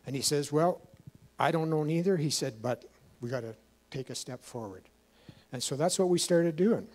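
A man's voice: mid-range voice, moderate pace, long pauses, darkish tone. A man giving a rambling, emotional personal testimony to a church, with many fillers and restarts. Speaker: guest speaker.

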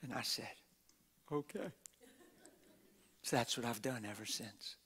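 A middle-aged man preaching a sermon in a church auditorium on a stage microphone, talking plainly and swinging from hushed whispers to loud shouts. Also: mid-range voice, a little slow, slightly rough. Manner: plain-spoken, street-style talk.

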